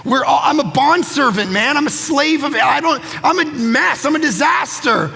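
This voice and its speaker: A pastor in his thirties or forties preaching a lively sermon, telling self-mocking stories and acting out other people's voices. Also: very high-pitched, normal speed, gravelly. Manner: animated, self-mocking storytelling; acts out quoted voices. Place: church auditorium. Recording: long hall reverb with faint music.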